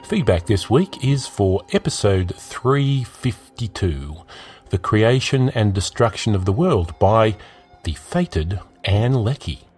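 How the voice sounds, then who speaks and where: A man hosting a podcast, reading listener feedback with a lively, expressive delivery. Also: lowish voice, slow, soft background music. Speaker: podcast host.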